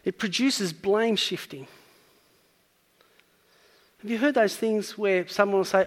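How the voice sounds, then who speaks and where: A man's voice: sits high, takes it slowly, long pauses, long reverb tail. A man preaching a sermon, earnestly teaching and building up to emphatic points.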